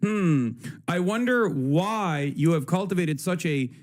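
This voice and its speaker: A man's voice: high-pitched, lively intonation, slow. A man chatting casually on a livestream, joking and laughing often.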